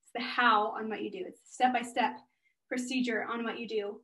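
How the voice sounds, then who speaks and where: A woman giving an energetic workshop talk as a guest speaker, chatty and encouraging as she speaks straight to the audience. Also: on the high side, a little fast. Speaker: guest speaker and business owner.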